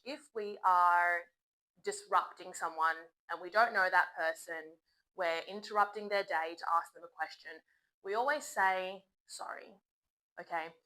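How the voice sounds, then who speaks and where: Bright, upbeat woman teaching English. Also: mid-range voice, low-quality recording. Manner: upbeat, encouraging, models phrases slowly. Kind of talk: beginner language lesson.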